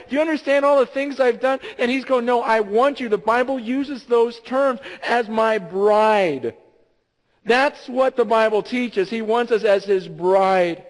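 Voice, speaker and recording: Animated high-voiced pastor in a reverberant hall. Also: male voice. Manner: storytelling, animated, acts out quoted voices. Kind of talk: sermon. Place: large church hall.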